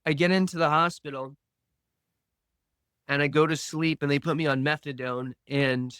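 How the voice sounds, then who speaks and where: A man, a guest on a podcast, slowly and earnestly telling a personal recovery story, acting out remembered dialogue. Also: a little high, fairly even intonation, fairly bright tone, smooth, no echo.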